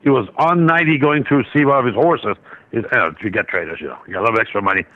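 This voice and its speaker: A man appears as a guest market analyst and trader on a market radio show, telling a trading story in a rambling way, full of restarts and asides. His medium-pitched voice is very fast, heard over a dull lo-fi line.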